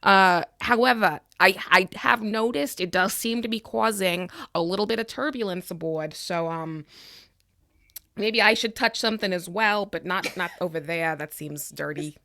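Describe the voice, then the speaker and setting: A woman's voice: mid-range voice, moderate pace, sharp tone, no echo, clean studio sound. A woman playing a flustered young adventurer who rambles awkwardly in a tabletop game.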